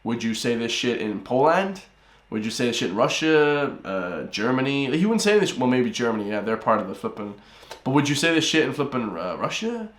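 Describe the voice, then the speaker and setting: An Irish man with a medium-pitched, sing-song voice speaks fairly quickly while hosting a reaction video. He rants through his commentary, calling viewers guys and bro, in an echoey, roomy space.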